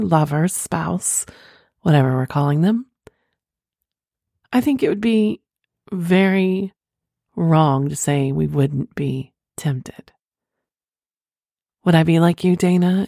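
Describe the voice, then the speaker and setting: A woman's voice: low-pitched, creaky, mellow, no room sound, clean studio sound. A middle-aged woman hosting a podcast, reading an erotic listener confession aloud and then chatting about it in a rambling, giggly way.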